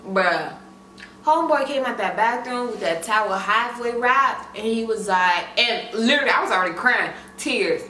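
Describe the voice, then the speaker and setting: Bright-voiced young woman telling a story. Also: fairly high pitch, moderate pace. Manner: animated, talks straight to viewers with lots of asides. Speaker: vlogger. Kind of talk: casual storytime. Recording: echoey room, mic at a distance, faint room noise.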